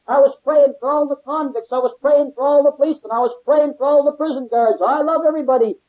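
A man's voice: very high-pitched, fairly even intonation, quick pace. A man, a former convict, giving a fervent religious testimony with emphatic, repetitive exclamations of praise. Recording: dull lo-fi tape recording.

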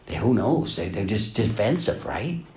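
Preacher man swinging hushed to emphatic. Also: on the low side, big pitch swings, moderate pace. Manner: swells from hushed to loud and emphatic. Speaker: pastor. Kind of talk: sermon.

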